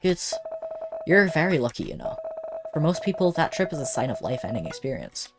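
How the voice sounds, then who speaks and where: Kindly, wry old station grandma; a woman reads her, low voice with lively ups and downs. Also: a little fast, music in the background.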